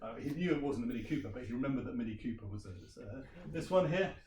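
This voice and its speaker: A man's voice: medium pitch, lively intonation, fast talker, darkish tone, a little hiss or hum. A man, a language teacher giving a chatty workshop presentation and quizzing his audience. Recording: roomy sound from a distant mic.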